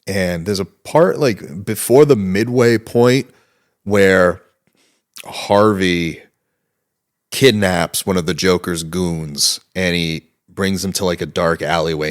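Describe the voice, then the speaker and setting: A young man, a guest in a casual interview, telling a story with animated energy and a lot of cursing. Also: sits low. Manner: animated storytelling, heavy swearing.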